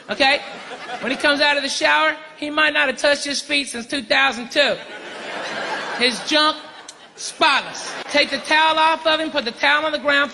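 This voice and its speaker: A man with a very high voice lays out crude jokes like step-by-step instructions. Laughter fills the reverberant hall around him, with a steady noise floor. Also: vocal fry. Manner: bawdy, mock-instructional delivery. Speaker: stand-up comedian. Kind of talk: stand-up comedy. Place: theater stage with audience. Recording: live hall with crowd laughter.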